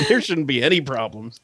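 A man's voice: medium pitch, slightly rough, dry recording. A man on a comedy podcast tossing out wisecracking asides. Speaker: podcast panelist. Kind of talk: casual comic chat.

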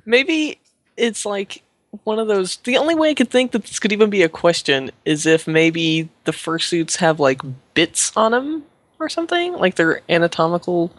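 Co-host, animated lively voice, dry sound, joking. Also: medium pitch, moderate pace, no room sound. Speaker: podcast co-host. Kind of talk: comedy podcast banter.

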